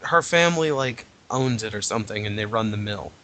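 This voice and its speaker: A man co-hosting a podcast who tells lively game anecdotes and swears freely in casual chat. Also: on the low side, a little fast. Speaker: podcast co-host.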